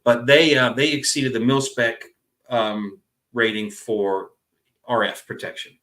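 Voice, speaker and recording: A middle-aged man from Florida hosting a live Q&A, reading out viewer comments in a relaxed, profane, laugh-filled way. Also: mid-range voice, a little slow. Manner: relaxed, swears freely, laughs often. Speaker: host of a live Q&A stream.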